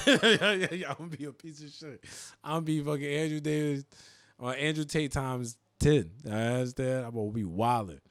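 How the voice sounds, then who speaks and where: A man hosting a podcast, talking in an animated, profane way and laughing often. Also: fairly high pitch, normal speed, no room sound. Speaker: podcast host. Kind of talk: casual podcast chat.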